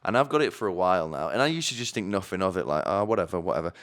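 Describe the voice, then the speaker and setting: A man's voice: deep voice, very animated, rapid-fire, a bit bright. A young man from Sheffield with a light Yorkshire accent, telling wry, self-mocking comic stories to viewers. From Sheffield, England. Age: young adult. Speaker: podcast host. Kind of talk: comic monologue.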